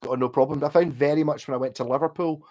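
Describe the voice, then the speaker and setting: Scottish male streamer, fairly high-pitched, casual sweary ramble. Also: fairly even intonation, darkish tone. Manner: sweary, rambling, quick to laugh. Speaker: livestreamer. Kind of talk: casual rambling livestream chat.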